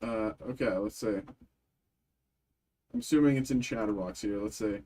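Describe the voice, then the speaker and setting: A man hosting a live stream card break, reading off card names in quick lists and chatting with his viewers. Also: lowish voice, dark tone. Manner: chatty with chat viewers, thanks buyers. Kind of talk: live stream pack opening.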